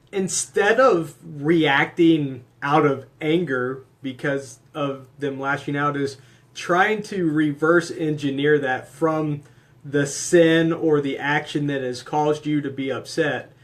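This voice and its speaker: A man, co-hosting with his wife, giving measured, gentle advice to couples in a candid conversation. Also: fairly high pitch. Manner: measured, gently advising like a counselor. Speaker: husband and co-host.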